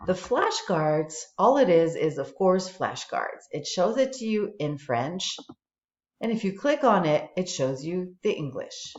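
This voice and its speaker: Teacher's screen-recording voice: a woman, slow and patient with a lively sing-song pitch, dull echoey room sound. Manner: lively, patient, explaining step by step. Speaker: French teacher. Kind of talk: screen-recorded tutorial walkthrough.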